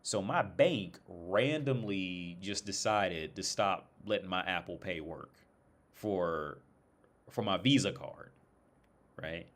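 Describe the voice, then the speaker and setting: A man's voice: low-pitched, slow pace, fairly bright tone. Profane, exasperated American man ranting. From United States. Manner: profane, exasperated storytelling with many restarts. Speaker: streamer. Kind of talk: casual rant.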